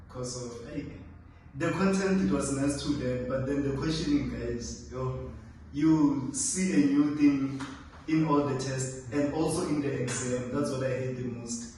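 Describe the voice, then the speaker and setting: A man's voice: mid-range voice, a little mellow, a little hiss or hum. Young man, distant echo. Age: young adult. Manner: hesitant, trailing casual talk. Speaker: medical student vlogger. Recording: echoey room, distant mic.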